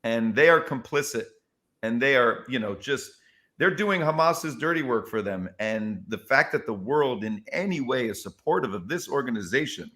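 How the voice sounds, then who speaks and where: A man, a comedian, telling stories in an interview with emphatic, expressive delivery that acts out quotes. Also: mid-range voice. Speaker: comedian guest. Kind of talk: animated interview storytelling.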